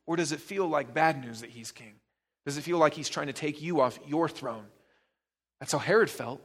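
A male pastor with a fairly high voice, preaching a sermon. He presses his listeners with probing rhetorical questions and drives his points home through emphatic repetition. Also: normal speed, breathy edge.

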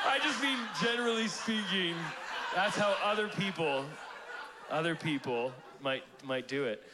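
Animated male pastor with a higher voice. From Canada. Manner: animated, acts out prayers in funny voices, laughs often. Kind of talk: live church sermon. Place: church auditorium.

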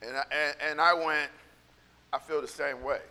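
A man with a fairly high, steady voice and a sharp tone preaches at a normal speed in a church sanctuary, the sound carrying long hall reverb. The pastor's casual, rambling story restarts often before building into fervent, repeated encouragement.

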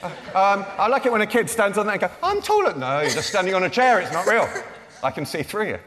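Playful 40s guy, high-ish voice, joking with a kid crowd, echoey theatre. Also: lively intonation, quick pace, fairly bright tone, a little hiss or hum. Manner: playful, self-mocking, teasing. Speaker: children's author. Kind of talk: comic talk to a young audience. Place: large lecture theatre. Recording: reverberant hall.

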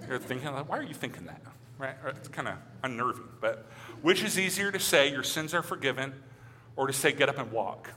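A man's voice: medium pitch, big pitch swings, brisk, bright, forceful tone, long reverb tail, slight background noise. A man preaching a sermon as pastor, chatty and joking at first, then building to fervent, repeated declarations. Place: church sanctuary.

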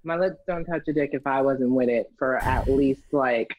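A young woman telling a candid, profane story in a casual chat, lively and blunt. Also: a bass voice, moderate pace, a little hiss or hum, poor audio. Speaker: storyteller guest.

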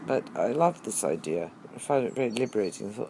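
A middle-aged man musing aloud in a slow, hesitant monologue with many pauses and ums. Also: lowish voice, animated, creaky, very noisy. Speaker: teacher. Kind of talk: reflective spoken monologue.

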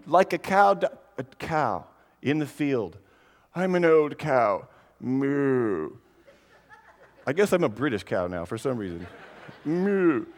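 A man giving a playful, animated conference talk to families, often speaking straight to the children. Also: mid-range voice. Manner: animated, playful, addresses kids directly. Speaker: creationist speaker. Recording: long hall reverb.

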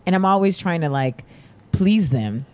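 A woman comedian in a casual podcast chat, teasing the host and quick to laugh. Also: fairly low pitch, expressive, darkish tone.

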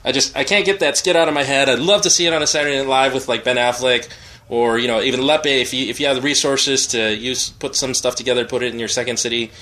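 A man's voice: mid-range voice, steady tone, fast, bright, forceful tone. A man hosting a casual comedy podcast, rambling through a story and acting out the bits. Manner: rambling storyteller, acts out quotes. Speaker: podcast host.

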